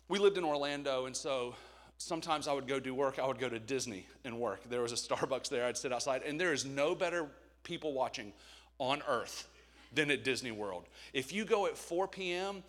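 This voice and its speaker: A man in his thirties preaching a sermon, telling personal stories with sudden loud emphasis and quiet asides. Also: a little high. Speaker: pastor.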